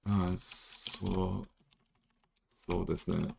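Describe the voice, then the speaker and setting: A man's voice: low-pitched, flat delivery, extremely slow, creaky, darkish tone, husky. A young Australian man from the Northern Territory, chatting casually and rambling while he livestreams a strategy game. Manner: rambling, self-deprecating, laughs often. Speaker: streamer.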